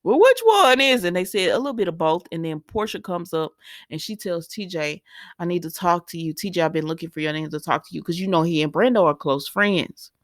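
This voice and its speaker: A woman talks through a soap episode in a chatty, emotional way and calls her viewers "y'all." Her voice sits a little low. She is recorded close up with no room sound. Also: fast talker, dry recording. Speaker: soap opera recap host. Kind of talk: casual spoken recap.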